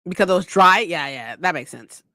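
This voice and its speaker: A young Californian woman streamer chats casually with her viewers, laughing a lot and swearing freely. Her voice is fairly low, expressive and fairly quick, with a bright, forceful tone on a dry recording.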